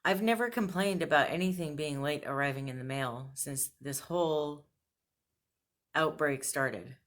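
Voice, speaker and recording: A woman's voice: low voice, a little slow. A woman vlogger venting to camera, blunt and frustrated, laughing between complaints. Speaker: fashion subscription box vlogger.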